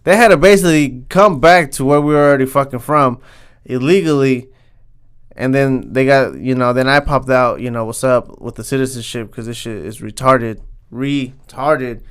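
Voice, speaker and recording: Fired-up young man ranting, smooth voice. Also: mid-range voice, normal speed. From Southern California. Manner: heated, swears constantly, says "man" a lot. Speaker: podcast host. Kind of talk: profane comedic rant.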